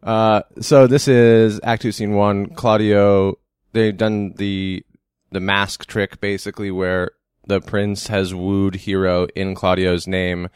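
Male co-host, low-pitched, chatty, laughs easily, dry studio sound. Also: level tone, takes it slowly, smooth, no echo. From New Hampshire. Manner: giggly, chatty, goofy asides. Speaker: podcast co-host. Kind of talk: casual chat with scene reading.

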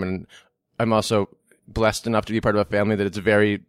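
Male co-host, low-pitched, chatty, laughs easily, dry studio sound. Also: steady tone, fast talker, clear, resonant tone, no room sound. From New Hampshire. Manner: giggly, chatty, goofy asides. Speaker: podcast co-host. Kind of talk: casual chat with scene reading.

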